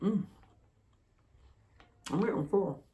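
A woman's voice: fairly low pitch, lively intonation, takes it slowly, mellow. A woman chatting casually to viewers while she eats, laughing often. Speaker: mukbang vlogger. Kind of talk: casual eating vlog chat.

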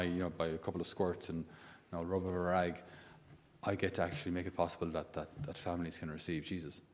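A man's voice: low voice, darkish tone, long reverb tail. A man, a priest giving a conversational sermon full of asides and rhetorical questions.

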